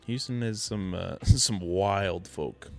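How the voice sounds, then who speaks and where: A man co-hosting a casual podcast, firing off crude wisecracks and quick jokey interjections. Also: low voice, creaky. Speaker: podcast co-host.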